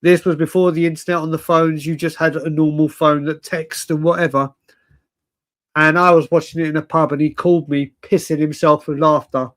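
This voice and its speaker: A man's voice: a little high, steady tone, a little fast, fairly bright tone. Tired, ranting man on a live stream. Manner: ranting, chatty, frequent restarts and stammers. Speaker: fan podcast host. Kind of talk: late-night live stream chat.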